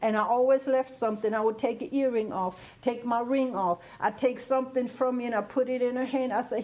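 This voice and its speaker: A woman in her fifties with a high voice talks frankly about family and identity on a talk show. She laughs easily and keeps checking in with her listener. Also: steady tone, brisk, few pauses, a little mellow. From Germany. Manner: candid, laughing, repeats "you hear what I'm saying".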